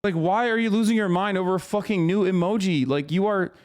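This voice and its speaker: A man's voice: high-pitched, brisk. A man streaming live, reacting to a clip in an exasperated, profane rant.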